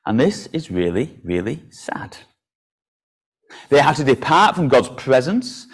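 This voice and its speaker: Lively preacher. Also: male voice. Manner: animated, coaxing and playful with children; earnest, drops low and soft for solemn points. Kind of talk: sermon with a children's object lesson. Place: church.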